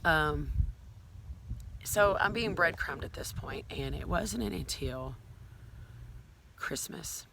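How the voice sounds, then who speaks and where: A woman's voice: deep voice, expressive, slow pace, vocal fry, pauses often, bright, forceful tone, a little hiss or hum, poor audio. A woman telling her own story to a phone camera at home, rambling with many fillers and asides. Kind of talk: casual personal storytelling. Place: at home, filming herself on a phone.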